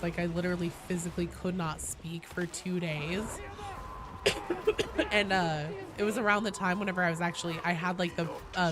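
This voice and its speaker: A woman game streamer with a badly damaged, hoarse voice, coughing now and then as she chats casually with her live chat, rambling and swearing freely. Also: on the low side, noisy background. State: coughing between sentences. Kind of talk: casual livestream chat, answering chat.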